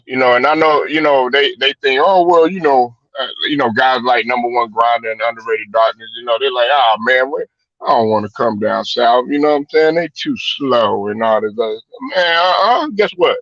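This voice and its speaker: A man's voice: medium pitch, normal speed, fairly bright tone, no echo. A man hosting a casual sports chat show, rambling loosely and swearing freely. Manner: loose, profane, rambling storytelling. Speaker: podcast host. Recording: dull lo-fi stream audio.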